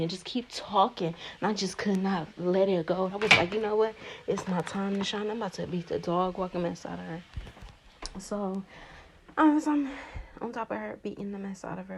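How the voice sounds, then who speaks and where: A young woman telling a story from her teenage years while doing her hair, casual and animated, acting out what people said. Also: medium pitch, gravelly. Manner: animated, acts out quoted voices, slangy and candid. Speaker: vlogger. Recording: roomy echo with faint background noise.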